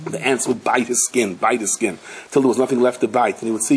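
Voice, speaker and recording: A man giving a Torah class as a rabbi, telling parables with animated delivery and acting out the people in his stories. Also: mid-range voice, quick pace, slightly rough, low-quality recording. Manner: animated storyteller, slips into character voices and Hebrew and Yiddish terms.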